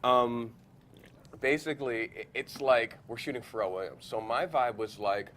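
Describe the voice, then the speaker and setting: A man's voice: normal speed, fairly bright tone. Guy in his 40s telling wild stories on a podcast, does little voices, laughs a lot, faint hum behind. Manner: acts out quoted voices, jumps high in pitch, laughs often, many filler likes. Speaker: photographer guest. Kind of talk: animated storytelling in a podcast interview. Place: podcast studio.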